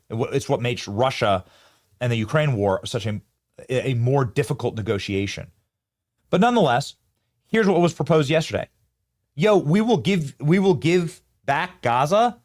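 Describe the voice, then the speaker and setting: A man hosting a live political commentary show, riffing animatedly and talking to his producers and chat. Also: medium pitch.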